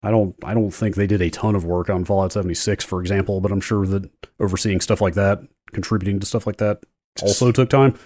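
A man's voice: sits low, steady tone, fast talker, darkish tone. A man co-hosting a casual podcast chat, rambling and often restarting his sentences. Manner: rambling, self-interrupting. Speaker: podcast co-host.

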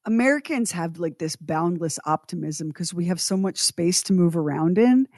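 A woman's voice: on the low side, lively intonation, moderate pace, darkish tone, dry recording, clean studio sound. A woman co-hosting a casual chat, thoughtful and musing.

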